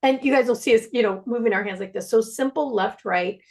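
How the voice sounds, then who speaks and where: A woman practitioner telling a client story on a panel, lively and animated. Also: brisk, creaky. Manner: animated storyteller, swings pitch widely.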